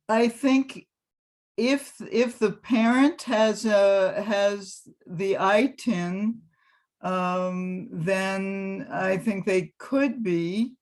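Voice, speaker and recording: A presenter speaks slowly over a video call, pausing and restarting often with plenty of ums. The tone is an informal training webinar. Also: mid-range voice. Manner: halting, many fillers and restarts.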